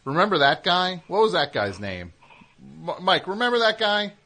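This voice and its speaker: A man's voice: high voice, sing-song, moderate pace, bright, forceful tone. A man hosting a comedy call-in radio show, teasing callers and riffing in long rambling runs.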